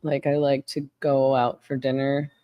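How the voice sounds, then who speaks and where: A woman's voice: extremely low pitch, unhurried, no room sound, dull audio. A woman in her forties hosting an interview, telling a story casually with lots of fillers and laughs. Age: 40s. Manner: chatty, many fillers, animated laughs. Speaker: podcast host.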